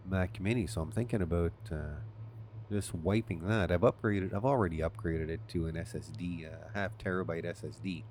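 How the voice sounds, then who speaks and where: A man's voice: low voice, darkish tone, a little hiss or hum. A man from Canada giving rambling, self-amused commentary while playing a game as a channel host. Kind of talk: casual let's-play commentary.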